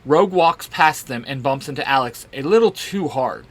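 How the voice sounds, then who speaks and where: A man narrating a fan comic story aloud with an expressive delivery. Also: medium pitch, normal speed.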